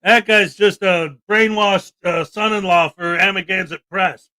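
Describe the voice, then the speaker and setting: Very high-pitched, sharp-voiced ranting man. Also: steady tone, a little slow. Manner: sarcastic, indignant, answers chat comments. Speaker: livestream host. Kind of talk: ranting commentary livestream.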